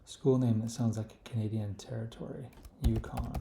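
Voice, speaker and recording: A man thinking aloud as he works through a crossword, slowly reading clues half to himself. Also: fairly low pitch, flat delivery. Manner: slow, musing, reads clues half to himself. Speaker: puzzle solver. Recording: echoey room with clear background noise. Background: keyboard clicks and typing.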